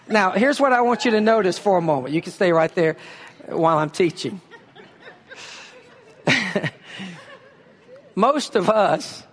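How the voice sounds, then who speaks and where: High-voiced preaching man in a hall. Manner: emphatic preaching, reads scripture slowly, uses a volunteer for a demonstration. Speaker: pastor. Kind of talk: sermon.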